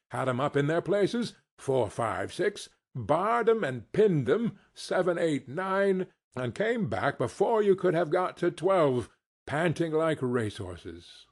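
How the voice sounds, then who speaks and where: A man narrating a classic novel as an audiobook, reading in an expressive, unhurried way. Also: a little high. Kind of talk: scripted narration.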